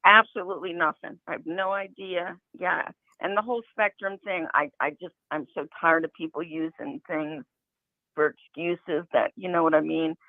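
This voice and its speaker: A man with a gravelly, slightly high voice calls in over a tinny phone line. He rambles and hesitates, circling back to the details that seem off to him. The line sounds dry and narrow. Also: steady tone, normal speed, no echo. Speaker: caller. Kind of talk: phone-in call.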